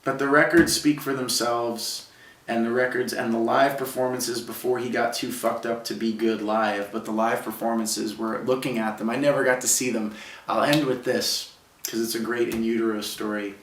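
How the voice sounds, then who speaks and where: The man, a Brooklyn musician in his thirties, has a medium pitch, a steady tone and a normal speed. He shares personal stories warmly and casually with frequent "like"s, recorded far from the mic in a roomy space with a little hiss or hum.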